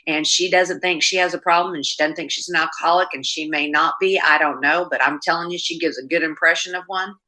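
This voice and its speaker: A woman's voice: sits low, sharp tone, poor audio. A middle-aged woman from Oklahoma giving a candid, plainspoken recovery talk at a meeting over a video call, with frequent ums and restarts. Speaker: Al-Anon speaker.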